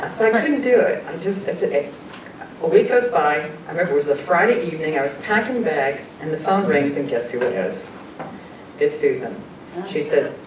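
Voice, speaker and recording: A woman's voice: lively intonation, moderate pace. Woman telling a story, echoey and distant. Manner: earnest, conversational, often laughs and quotes people. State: emotional, choking up at times. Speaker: guest speaker sharing personal experiences. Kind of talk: personal storytelling talk. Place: meeting room at a talk. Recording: far-off echoey room with rumble.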